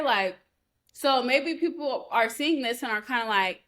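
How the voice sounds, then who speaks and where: A woman co-hosting a podcast, telling a story in a heated, profane, animated way. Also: fairly high pitch, measured pace. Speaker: podcast co-host. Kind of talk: casual chat.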